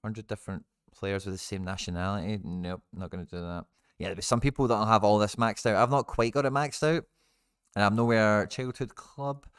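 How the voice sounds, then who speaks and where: Male live-stream host, smooth low voice, close dry sound, chatty with asides. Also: fairly even intonation, brisk, no room sound. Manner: chatty, reads announcements aloud with asides and laughs. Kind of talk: casual live stream commentary.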